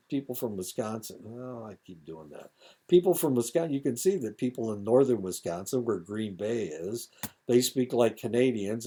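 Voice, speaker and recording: A man in his seventies from Indiana lectures with his local accent, drifting into asides and filling pauses with "uh". His voice sits low and mellow, with a soft, husky edge. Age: 70s. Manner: rambling, digressive with many fillers. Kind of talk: recorded lecture.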